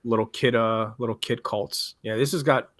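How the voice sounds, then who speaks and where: A man's voice: mid-range voice, fairly even intonation, moderate pace, a bit bright, dry recording, studio quality. A man co-hosting a casual podcast, enthusiastic and laid-back, with easy slang. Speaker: podcast co-host.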